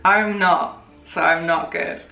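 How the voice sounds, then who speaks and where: A young woman from England hosting a casual vlog chat, giggly and quick to laugh at herself. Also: lowish voice, fairly even intonation, creaky, sharp tone, muffled recording. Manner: giggly, self-deprecating. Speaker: vlogger host. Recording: roomy, mic at a distance.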